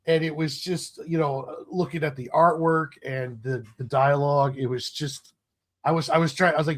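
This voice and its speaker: A man's voice: a little high, fairly even intonation, normal speed, fairly bright tone. A man co-hosting a casual comic book review podcast. He talks hesitantly, often laughs, and gives short reactions.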